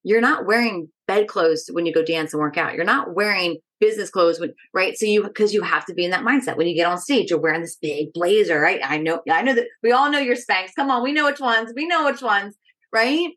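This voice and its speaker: A woman's voice: fairly low pitch, brisk, few pauses, fairly bright tone. A woman speaking as a stress management educator in a casual podcast interview, talking directly and energetically and often checking in with "right?".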